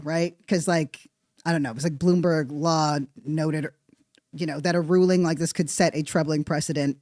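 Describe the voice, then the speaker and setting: A podcast host riffing on the news in a casual, comedic way, animated, swearing freely and full of sarcasm. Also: medium pitch, no room sound, studio quality.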